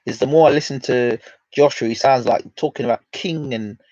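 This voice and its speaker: A man's voice: mid-range voice, brisk, a little mellow, dry recording. A man hosting, casually retelling a conversation in a rambling way, stacking "he said, I said" as he goes. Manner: rambling storyteller, repeating "he said, I said". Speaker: host. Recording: dull lo-fi dry recording.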